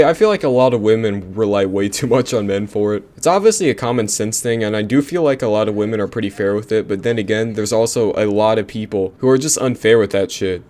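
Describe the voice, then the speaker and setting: A man's voice: lowish voice, a little mellow. A man with a nasal voice giving a profane, heated comedic rant, his voice jumping up whenever he gets riled. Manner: foul-mouthed, heated, voice jumps up when riled. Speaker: channel host.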